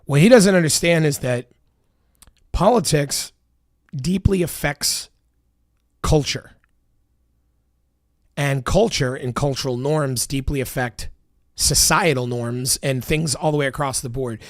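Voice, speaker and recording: A man's voice: on the high side, measured pace, pauses often, no echo, clean studio sound. A man delivering a heated, profanity-laced political rant, emphatic and repetitive. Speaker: political commentator.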